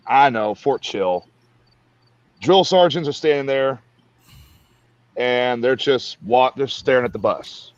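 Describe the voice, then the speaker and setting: A man's voice: medium pitch, takes it slowly, pauses often, no room sound, highs cut off. A man telling a profane army story in casual podcast chat. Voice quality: profane, animated.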